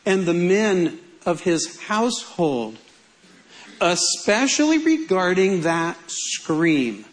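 A man's voice: high-pitched, rough recording. A male pastor preaching a sermon in a humorous, conversational way.

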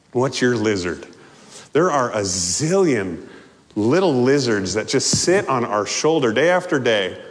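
A man preaching a sermon as a pastor, playful and animated, acting out scenes as he goes. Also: on the high side. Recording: long hall reverb.

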